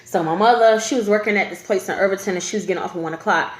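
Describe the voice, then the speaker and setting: A woman's voice: medium pitch, rapid-fire. A woman, telling a personal story in a casual vlog and acting out the other voices in it. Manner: animated, laughing, acts out quoted voices. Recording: echoey room.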